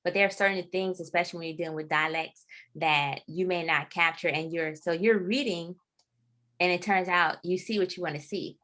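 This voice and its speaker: A woman author being interviewed in a casual chat, a lively storyteller who laughs often. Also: fairly low pitch, fairly quick. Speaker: author guest.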